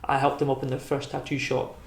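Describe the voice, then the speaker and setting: A man's voice: mid-range voice, completely flat delivery, fairly quick, vocal fry, roomy sound. A Scottish man from Edinburgh, a tattoo artist talking in a documentary interview, rambling and full of "you know". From Edinburgh, Scotland.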